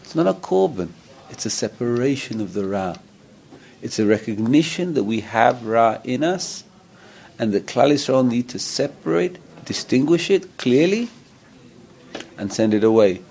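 A man's voice: mid-range voice, very animated, moderate pace, vocal fry, a little mellow, a little hiss or hum. A man teaching a Torah lesson as a rabbi, earnest, often asking his listeners questions. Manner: earnest, asks the listeners questions, acts out voices.

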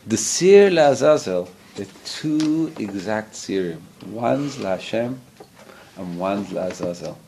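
A man's voice: on the low side, animated, slow, noisy background. A man teaching a Torah lesson as a rabbi, earnest, often asking his listeners questions. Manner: earnest, asks the listeners questions, acts out voices.

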